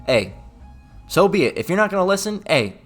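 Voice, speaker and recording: A man's voice: high voice, sing-song, a little fast, fairly bright tone, faint music behind. A man giving an informal sermon, blunt and profane, reading scripture and tagging nearly every point with "all right?". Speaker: street preacher.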